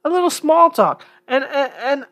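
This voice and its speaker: A woman's voice: sits high, lively intonation, moderate pace, a bit bright. A woman from New York talking casually to her viewers, blunt and emphatic, with frequent chuckles. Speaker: vlogger. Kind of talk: casual talk to camera.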